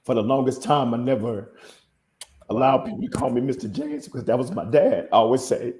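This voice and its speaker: A man's voice: medium pitch, very animated, darkish tone, reverberant, a little hiss or hum. A middle-aged man speaking earnestly and with feeling in a casual group conversation, often repeating himself as he searches for words. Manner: earnest, heartfelt, halting repetitions. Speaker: panel guest. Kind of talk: emotional personal storytelling.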